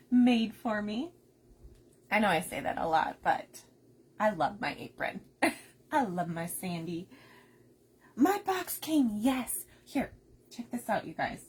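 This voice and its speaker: A woman hosting a casual crafting live stream, talking softly and keeping her voice down while unwell with a migraine, chatting to viewers as she goes. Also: on the high side, breathy edge. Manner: soft-spoken, keeps her voice down, chatty asides to viewers.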